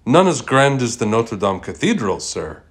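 A man's voice: mid-range voice, big pitch swings, normal speed, close to an everyday voice. Man doing a polite college barista with a thick accent. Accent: thick foreign accent. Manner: courteous, deferential. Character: young male college student barista, polite.

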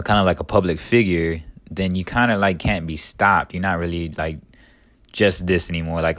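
A man's voice: low-pitched, no echo. A man hosting a podcast in a casual, rambling monologue, profane and full of "like" and "man", with heated bursts of ranting. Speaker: podcast host.

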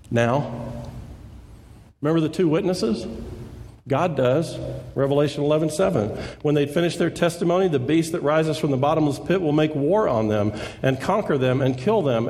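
A man's voice: mid-range voice, a little mellow, big-room sound. A man preaching a sermon, earnestly explaining and reading scripture aloud. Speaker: pastor.

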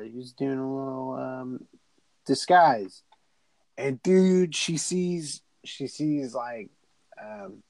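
Young male podcast co-host, unhurried and profane, casual recap delivery, dry close mic. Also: mid-range voice, a little mellow, no room sound, low-quality recording. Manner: profane, rambling, laughing, voices characters in the retelling. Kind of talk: casual movie recap chat.

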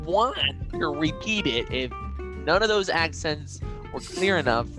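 A man's voice: a little high, lively intonation, measured pace, over loud music. A man co-hosting a casual podcast, rambling and self-mocking as he leads a brain teaser. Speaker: podcast co-host.

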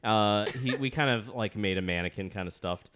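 A man co-hosting a casual podcast chat, teasing and animated, quick to get excited about his projects. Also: on the low side. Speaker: podcast co-host.

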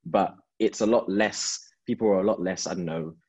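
Deep husky young man on a call. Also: moderate pace, darkish tone. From London. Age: young adult. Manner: thoughtful, reflective, with frequent fillers. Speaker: guest. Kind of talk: casual interview conversation. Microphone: video call.

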